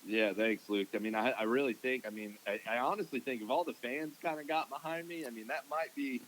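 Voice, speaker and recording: A man who is a guest on a podcast, speaking in a hesitant, halting way with many fillers. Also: mid-range voice, a bit bright, low-quality recording. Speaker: guest angler. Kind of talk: casual interview talk.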